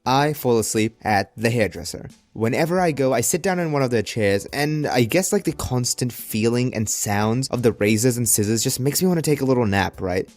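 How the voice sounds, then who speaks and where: A man's voice: medium pitch, normal speed, hardly any pauses. Joking Australian man narrating a story. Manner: jokey, expressive, exasperated rants. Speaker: animated storyteller.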